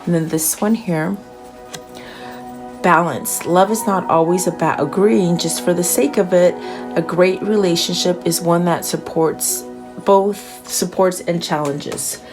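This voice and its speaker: A woman giving a casual tarot reading, quietly murmuring questions to the cards and then reading their messages aloud in an unhurried, musing way. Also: fairly low pitch, fairly even intonation. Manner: unhurried and musing, with soft fillers. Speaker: tarot reader. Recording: music playing under the voice. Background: background music.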